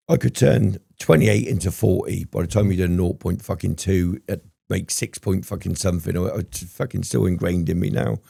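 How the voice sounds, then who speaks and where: A man's voice: low-pitched, gravelly, dark tone, husky, no room sound, studio quality. A man telling his story as a podcast guest, rambling and swearing often, with frequent ums. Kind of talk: candid storytelling interview.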